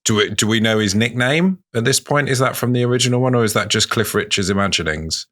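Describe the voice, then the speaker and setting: A man co-hosting a comedy podcast, making dry quips and deadpan asides. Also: medium pitch, fast talker. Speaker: podcast co-host. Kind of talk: casual comedic chat.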